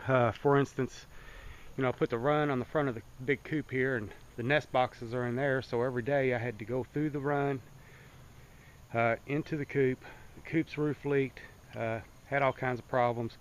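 A man's voice: medium pitch, fairly even intonation, moderate pace, slight background noise. A man chatting casually on his vlog, rambling and folksy, with lots of fillers. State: out of breath. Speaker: hobby farmer vlogger.

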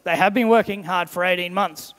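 Preacher with a high voice in an echoing hall. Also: male voice, fairly quick. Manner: animated storyteller, briefly voices the people in his examples. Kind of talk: sermon with acted-out stories. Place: church hall. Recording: long echo of a large church hall.

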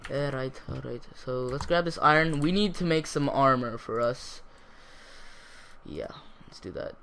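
A teenage boy casually commenting on his own gameplay, talking to himself in a rambling way with sudden excited outbursts. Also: medium pitch, a little slow, vocal fry. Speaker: gaming channel host.

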